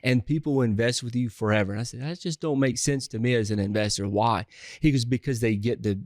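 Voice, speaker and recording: Speaking fast in a mid-range voice with a Southern accent, a real estate investor tells stories during a casual interview, energetic and rambling, often restarting his sentences. The studio sound is clean, with no room echo.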